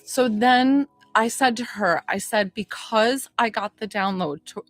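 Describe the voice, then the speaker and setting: A woman psychic healer chatting on a livestream, excitable and rambling, swearing now and then. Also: on the high side, unhurried, no room sound, faint music behind. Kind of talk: casual livestream chat with viewers.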